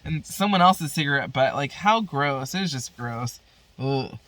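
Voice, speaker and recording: A woman's voice: sits low, animated, moderate pace, fairly bright tone. A woman vlogger telling a story in casual chat, rambling and profane, full of fillers.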